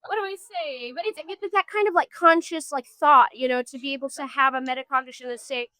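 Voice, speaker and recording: A woman's voice: sits high, lively intonation, quick pace, pushed and bright, dry recording. A woman musician being interviewed, speaking earnestly and thoughtfully, often trailing off and restarting her sentences. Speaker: musician guest. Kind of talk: street interview. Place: outdoors on a street.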